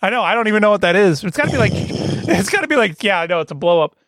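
A man co-hosting a comedy podcast, chatting casually in an animated, joking way. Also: high-pitched, no room sound. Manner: animated, joking, quick to laugh. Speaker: podcast co-host.

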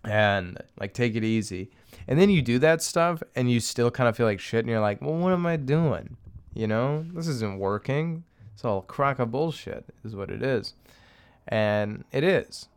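Gravelly-voiced young man ranting crudely. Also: mid-range voice, lively intonation, moderate pace. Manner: crude, rambling, chuckling. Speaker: podcaster. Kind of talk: casual solo comedic rant.

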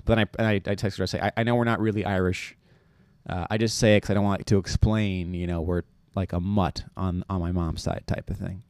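A man's voice: low voice, little pitch movement, fairly quick, darkish tone, no echo. A young man from New York, rambling through a casual comedic monologue with lots of fillers and restarts. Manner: rambling, self-deprecating, many fillers and restarts.

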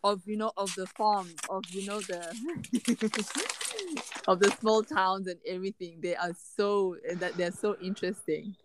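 A woman's voice: mid-range voice, flat delivery, moderate pace, noisy background. A woman from Namibia with a Namibian accent, a Herero speaker, chatting casually as a podcast guest, hesitating and laughing.

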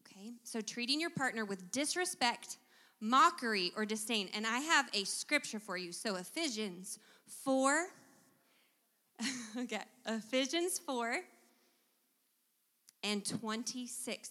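Lady teaching a church crowd, crisp bright voice, keeps asking them questions, big hall echo. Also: a little high, animated, measured pace. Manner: teacherly, engages the audience with questions. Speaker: guest speaker at a church service. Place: church sanctuary.

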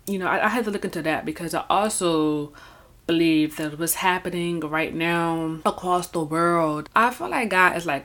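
A woman with a fairly low voice talks about her faith in a loose, rambling way. She says "you know" and "y'all" constantly. She brings quotes to life with an animated voice. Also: moderate pace. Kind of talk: casual faith talk to camera.

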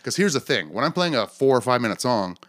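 Man, forties, podcast host, bright tone, very lively pitch, casual storytelling, swears. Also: fast talker, no echo, studio quality. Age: 40s. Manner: animated, swearing, acts out quoted voices with jumps in pitch.

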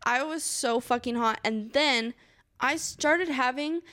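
High-voiced young woman telling a story. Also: slow, sharp tone. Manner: swears often, acts out quotes in a high panicked voice. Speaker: podcast co-host. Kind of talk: casual podcast storytelling.

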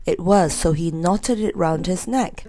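A woman narrating a children's story in a gentle, measured reading. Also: on the low side.

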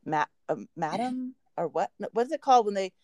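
A woman's voice: medium pitch, expressive, fairly quick, a little mellow, no room sound, studio quality. A woman co-hosting a podcast, telling a long rambling story in casual chat. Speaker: podcast co-host.

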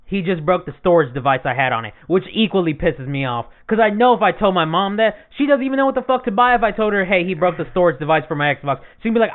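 A young man telling stories in casual chat, animated and swearing a lot. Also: high voice, fast talker, few pauses. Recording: tinny lo-fi phone-like sound.

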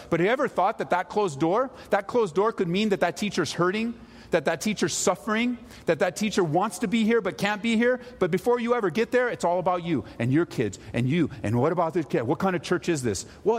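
A man, the pastor, preaching a sermon to his congregation in a conversational way, dropping low for asides and rising for exhortation. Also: big-room sound. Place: church sanctuary.

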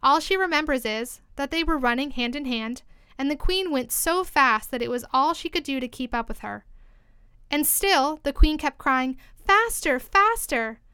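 High bright woman reading a storybook. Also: moderate pace, no echo, clean studio sound. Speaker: narrator.

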